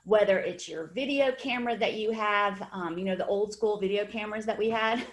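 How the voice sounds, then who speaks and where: A woman's voice: mid-range voice, fairly quick. Upbeat woman presenting a fitness webinar. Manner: upbeat, encouraging, conversational. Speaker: fitness educator hosting a webinar.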